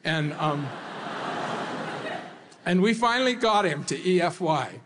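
A man delivering a sermon to a congregation, earnest and measured, with dramatic slow pauses. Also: sits high, expressive, noisy background. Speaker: speaker addressing a congregation. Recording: hall reverb.

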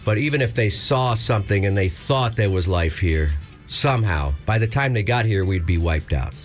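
A man's voice: lowish voice, expressive, moderate pace, faint music behind. A man co-hosting a radio show and joking around, running a gag into the ground in casual banter. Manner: playful, runs a joke into the ground. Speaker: radio show co-host, comedian.

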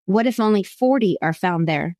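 A woman's voice: mid-range voice, expressive, moderate pace, a little mellow, dry recording, close to an everyday voice. A woman reading the lines of Abraham, an old man pleading earnestly with God, with added emphasis.

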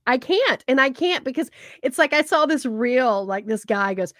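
A woman co-hosting a podcast in casual chat, animated and chatty, often laughing. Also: sits high, moderate pace, no room sound, clean studio sound. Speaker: podcast co-host.

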